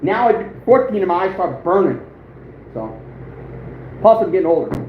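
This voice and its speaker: A man's voice: high voice, sing-song, normal speed. A man in his thirties chatting casually on a livestream, rambling and chuckling often between thoughts. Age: 30s. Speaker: outdoors livestream host. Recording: phone-like echoey room with faint noise.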